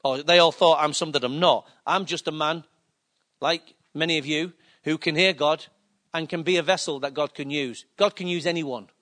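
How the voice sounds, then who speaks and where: A man preaching a sermon, telling stories and acting out quotes in a lively anecdotal way. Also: on the high side, moderate pace. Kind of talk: sermon storytelling.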